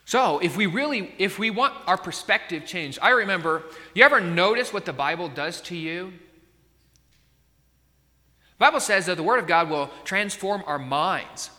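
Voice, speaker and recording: Pastor guy giving a sermon, kinda high bright voice, keeps asking "right?", big echoey church sound. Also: expressive, moderate pace. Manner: conversational, keeps checking in with the listeners.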